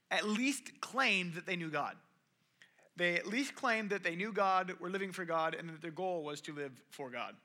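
A man's voice: on the high side, pushed and bright. A young man giving a conversational sermon, telling stories and acting out the people in them. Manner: conversational and storytelling, acts out quoted voices. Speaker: preacher.

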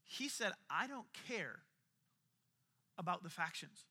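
A man preaching a sermon in a conversational, animated way, with jokey asides. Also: sits high, takes it slowly, slightly rough. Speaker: pastor.

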